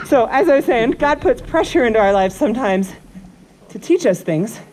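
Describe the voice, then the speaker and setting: A woman horse trainer teaches a live group while working a horse outdoors. Her voice sits fairly high and moves through a lively range as she coaxes the animal between explanations. Constant outdoor noise sits behind her. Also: normal speed. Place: outdoor horse pen at a camp. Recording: noisy outdoor recording.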